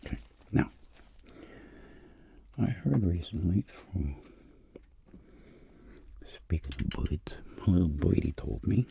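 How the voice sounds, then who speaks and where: Very low, gravelly man's voice drifting into whispers as he narrates soft-spoken ASMR. His tone is dark and mellow, while his pitch roams widely as he rambles and jokes in hushed asides. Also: animated, takes it slowly, pauses often. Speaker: ASMR creator.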